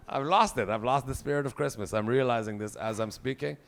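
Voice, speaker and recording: A man's voice: medium pitch, moderate pace, gravelly. A man in his forties with a Quebec French accent, doing a profane, exasperated stand-up rant. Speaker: stand-up comedian. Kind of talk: stand-up routine.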